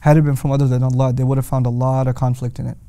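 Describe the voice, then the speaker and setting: A man lecturing on the Quran's wording who asks lively rhetorical questions and slips into Arabic recitation. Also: medium pitch, very fast, clear, resonant tone. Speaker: Quran teacher.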